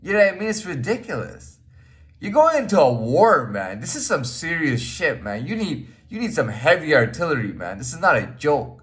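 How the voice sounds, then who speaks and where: Rambling man with a lively voice. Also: a little high, moderate pace. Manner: rambling, repeats himself, frequent fillers and "man"; blunt, swears casually. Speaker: podcast host. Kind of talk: casual monologue.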